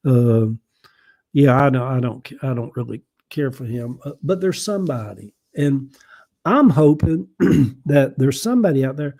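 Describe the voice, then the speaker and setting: An older man with a Southern US accent hosting a casual livestream, rambling folksy talk and often clearing his throat as he reads viewer comments. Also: medium pitch, expressive, measured pace, dark tone. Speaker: livestream host.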